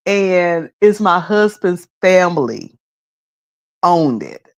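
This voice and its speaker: A woman's voice: on the low side, animated, takes it slowly, dull audio. A middle-aged woman from the Carolinas with a Southern accent, chatting casually on a live stream, teasing and laughing often. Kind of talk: casual chat with live chat readers.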